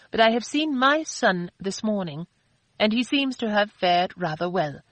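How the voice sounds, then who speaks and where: A woman narrator voicing a spirited, quick-tempered young woman who answers back with sharp, indignant retorts. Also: medium pitch, no echo, close to an everyday voice, rough recording.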